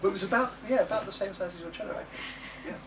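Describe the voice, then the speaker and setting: This high-pitched music teacher speaks rapid-fire in a classroom or studio, coaxing his singing students and demonstrating phrases by singing. A distant mic captures him along with background noise.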